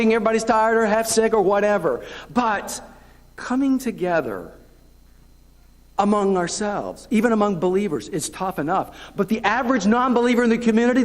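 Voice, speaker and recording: Man, Southern US accent, pastor, conversational sermon, lively impersonations, church sanctuary with long reverb. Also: high voice. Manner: conversational preaching, acts out voices of churchgoers. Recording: long reverb of a church hall, local TV broadcast.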